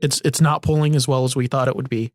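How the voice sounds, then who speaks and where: A man co-hosting a comedy podcast, improvising a scene in a halting way, full of fillers and restarts. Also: medium pitch, fairly even intonation, no room sound, clean studio sound. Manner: hesitant, many fillers and restarts. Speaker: podcast co-host.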